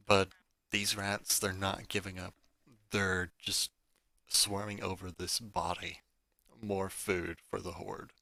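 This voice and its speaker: Forceful, bright-voiced male game master. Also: deep voice, dry recording. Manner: casual, filler-heavy narration with frequent "like". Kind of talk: narrating a tabletop game.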